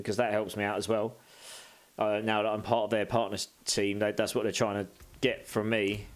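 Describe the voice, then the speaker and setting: A man's voice: lowish voice, noisy background. A British man streaming a game live, chatting casually as he reads out and answers viewer messages.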